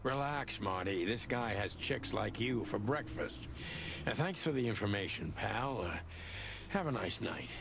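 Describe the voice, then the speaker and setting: Wry noir rooster detective, low and gravelly, lively delivery. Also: male voice, measured pace, noisy background. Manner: streetwise, wry, calls people pal and big guy. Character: hard-boiled rooster detective, wisecracking. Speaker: game character.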